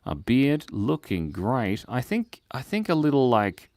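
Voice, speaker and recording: Casting: playful male streamer, lively pitch, dry close mic, giggly chat-reader. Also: unhurried, no room sound. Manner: playful, reads chat comments aloud, giggles often. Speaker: livestream host drawing with chat. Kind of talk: casual live-stream chat.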